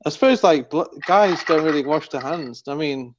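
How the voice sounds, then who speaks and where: A man's voice: a little high, moderate pace, noisy background. A man chatting on a video call, joking crudely and teasing. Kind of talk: casual live-stream chat. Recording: dull lo-fi call audio.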